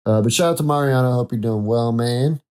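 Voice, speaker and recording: A man's voice: mid-range voice, fairly quick, darkish tone, clean tone. A man hosting a casual solo podcast, rambling, correcting himself and laughing at his own jokes. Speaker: podcast host.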